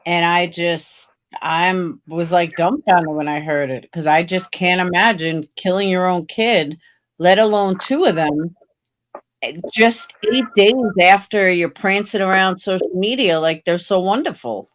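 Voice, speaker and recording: A woman's voice: lowish voice, a little slow. Blunt, frank woman in her fifties. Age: 50s. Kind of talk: casual chat.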